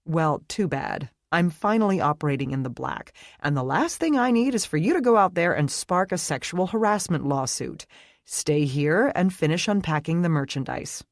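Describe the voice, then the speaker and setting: A friendly woman shop owner speaks briskly, easily embarrassed yet firm as a reader puts her on. The sound is close and dry, with no echo. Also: deep voice, animated. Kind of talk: audiobook character dialogue.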